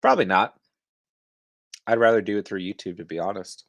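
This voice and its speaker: A young man hosts a live stream, answering viewer chat in a relaxed, easygoing way. His voice sits very low with a gravelly edge. The sound is close and dry. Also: a little fast, dry recording. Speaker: host.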